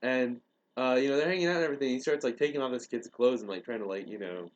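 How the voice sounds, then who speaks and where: A young man tells a story on a podcast in a loose, conversational way. He lets his pitch sit in a middle range. He acts out quoted lines as he goes. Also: fast, muffled recording. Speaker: podcast host. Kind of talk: casual storytelling chat.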